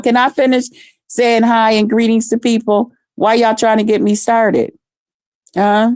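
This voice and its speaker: A woman hosting a live stream, ranting in a blunt, profane, mocking way with drawn-out emphasis. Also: medium pitch, darkish tone, dry recording, studio quality.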